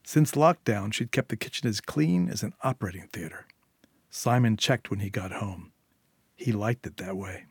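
A man narrating a short story in a measured, quietly tense reading. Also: fairly low pitch, lively intonation, gravelly, husky, no room sound.

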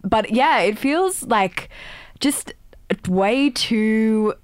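Slow, expressive woman podcaster. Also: fairly high pitch, clear, resonant tone, no room sound, clean studio sound. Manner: unhurried, hesitant, many fillers. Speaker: podcast co-host. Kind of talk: casual chat.

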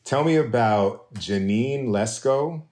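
A man hosting a conversational podcast interview, relaxed and dotted with fillers. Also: medium pitch, takes it slowly, echoey room. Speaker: podcast host.

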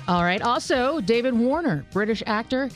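A woman's voice: fairly high pitch, expressive, moderate pace, faint music behind. Chatty female radio news reader. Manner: chatty, laughs through stories. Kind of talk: casual radio news segment.

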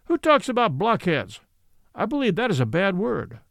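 A man's voice: sits high, huge pitch swings, normal speed, gravelly, fairly bright tone, dry recording, studio quality, full character voice. A man voicing a wise, good-natured little male pony in a storybook, speaking earnestly and reasonably.

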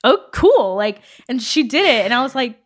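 A woman's voice: on the high side, fairly quick, a bit bright. A young woman co-hosting a podcast, chatting casually and quizzing her friend, laughing often and telling stories with animation. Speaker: podcast co-host.

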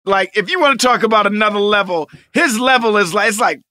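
A man chatting in a casual talk show, excitable and jokey. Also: high-pitched, fast, no room sound, studio quality. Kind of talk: casual chat.

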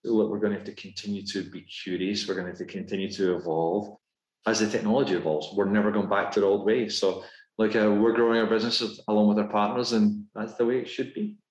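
A man with a Scottish accent, a guest talking in a casual podcast interview, brisk and upbeat with lots of fillers. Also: lowish voice, fairly even intonation, darkish tone, highs cut off. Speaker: guest executive. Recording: roomy echo.

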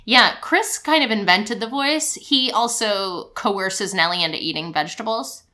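Casual-chat co-host, woman in her 30s, bright clear tone, lively storytelling. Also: normal speed. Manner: chatty, animated, mimics her toddler in a high squeal. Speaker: podcast co-host, mother.

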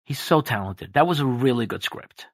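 A man chatting as a podcast guest, animated and jokey, slipping into quick impressions. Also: medium pitch, no room sound. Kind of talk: casual podcast chat.

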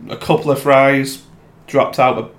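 A man co-hosting a podcast, chatting casually and telling animated stories, acting out quotes and swearing. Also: mid-range voice, unhurried. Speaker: podcast co-host. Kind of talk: casual chat. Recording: echoey room.

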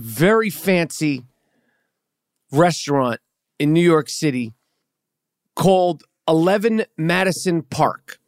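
Guy with a high bouncy voice, cussing and teasing on a podcast, dry sound. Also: no echo. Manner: animated storyteller, profane, teasing. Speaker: podcast host. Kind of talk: casual podcast banter.

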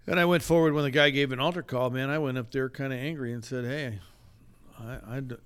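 A podcast co-host with a mid-range voice and clean tone talks fast as he tells a story in casual chat. He's animated, acting out the voices of the people he quotes.

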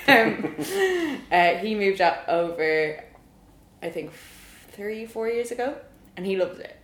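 Here the illustrator from Ireland, a woman in her twenties, talks with a low voice at a slightly slow pace. She's a relaxed interview guest, laughing frequently and filling her sentences with "like." There's some roominess and a faint noise floor.

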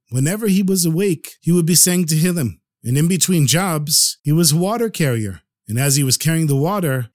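A man telling a story for a podcast, narrating with animated expression. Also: on the high side, no echo, studio quality.

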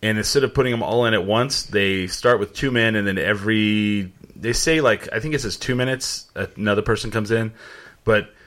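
Low-voiced guy hosting a podcast, jokey and rambly, cracks himself up a lot. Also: moderate pace, fairly bright tone. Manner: joking, rambling, laughs often. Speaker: podcast host. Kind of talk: casual chat.

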